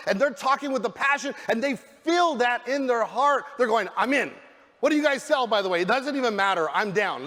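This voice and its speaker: A man giving a high-energy motivational speech on stage to a sales team, often repeating words as he pushes ahead. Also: fairly bright tone. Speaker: motivational speaker. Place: large hall on stage. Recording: long hall reverb.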